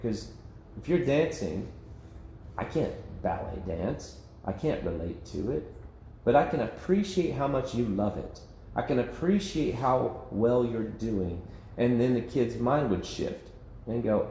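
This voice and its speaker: A man's voice: medium pitch, expressive, unhurried, creaky, mellow, echoey room, a little hiss or hum. A man leading an informal Bible study discussion as pastor, conversational and self-interrupting, often laughing. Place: church meeting room.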